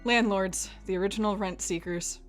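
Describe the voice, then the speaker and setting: A woman chatting casually and playfully while playing a game on stream, trading quick banter. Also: mid-range voice, soft background music. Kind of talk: casual let's-play chat.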